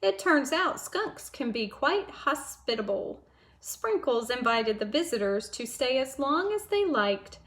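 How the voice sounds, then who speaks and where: A woman teacher reading a chapter book aloud to children, gentle and patient as she tells the story. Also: a little high.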